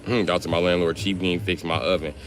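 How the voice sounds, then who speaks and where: A male comedian telling a profane, animated comic story on a live stream. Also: deep voice, quick pace, soft background music.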